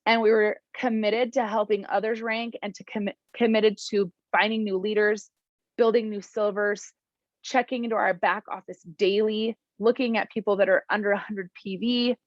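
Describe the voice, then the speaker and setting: A woman's voice: mid-range voice, fairly even intonation, normal speed, no echo, lo-fi sound. A young woman, giving a casual motivational talk to her team. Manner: warm, encouraging, emotional at times; chatty with many fillers. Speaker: team leader addressing her downline.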